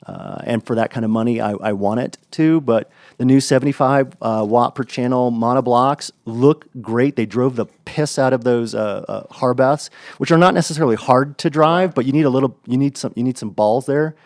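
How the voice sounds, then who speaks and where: A man's voice: medium pitch, normal speed, few pauses, darkish tone, dry recording, clean studio sound. A man co-hosting a podcast in casual chat, blunt and enthusiastic, with frequent fillers and restarts. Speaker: podcast co-host.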